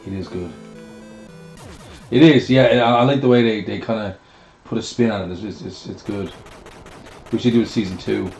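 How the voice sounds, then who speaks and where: A man's voice: lowish voice, normal speed, long pauses, a little mellow. A man with a Newfoundland accent chatting casually on a game stream, often repeating words as he starts a sentence. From Newfoundland, Canada. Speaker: guest co-host. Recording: echoey room with game music.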